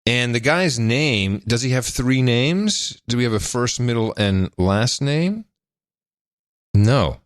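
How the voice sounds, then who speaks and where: A man's voice: medium pitch, expressive, slow pace, clear, resonant tone, no echo, clean studio sound. A man co-hosting a podcast, bantering in a jokey way and reading news stories aloud. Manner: jokey, reads news clips aloud, mock voices. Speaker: podcast co-host.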